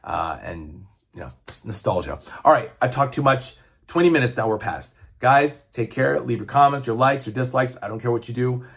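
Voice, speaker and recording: A man's voice: mid-range voice, animated, moderate pace, creaky, a bit bright, husky. A man in his fifties, a comic book reviewer, chatting casually and enthusiastically, rambling and swearing now and then. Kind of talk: casual chat.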